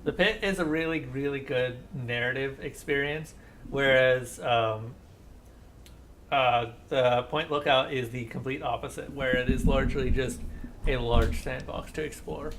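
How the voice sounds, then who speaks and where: Young guy streaming a game, rambly and sarcastic, mid-pitch voice, bit of faint noise. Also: measured pace, fairly bright tone. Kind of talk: casual live-stream chat over gameplay.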